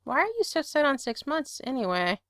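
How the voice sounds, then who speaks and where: A man's voice: extremely high pitch, very animated, moderate pace, fairly bright tone, dry recording, clean studio sound, pitched above the performer's own voice, heavily acted. Woman reading as a wistful, teasing boyfriend. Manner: wistful, a little sheepish.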